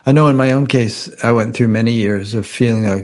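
A man hosting an interview, speaking in a halting, careful way with lots of restarts and fillers. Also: mid-range voice. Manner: cautious and measured. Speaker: podcast host. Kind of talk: conversational interview.

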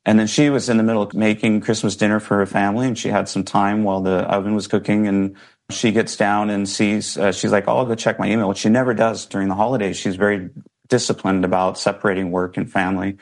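A man's voice: fairly low pitch, little pitch movement, fast talker. A man, a guest in an interview, telling a personal story earnestly and reflectively, with some emotion.

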